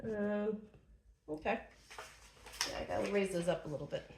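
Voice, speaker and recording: A woman's voice: mid-range voice, normal speed, background noise. A woman vlogger narrating casually to herself as she assembles furniture, chatty and self-deprecating.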